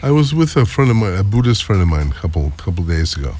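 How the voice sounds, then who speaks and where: Man, interviewer, lively pitch, hesitant, casual talk. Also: fast talker, slight background noise.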